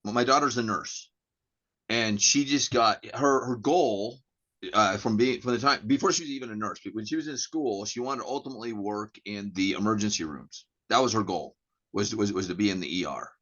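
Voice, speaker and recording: A man's voice: lowish voice, normal speed, fairly bright tone, lo-fi sound. A middle-aged man, a podcast guest, telling a story in a candid chat, often repeating words and acting out the dialogue.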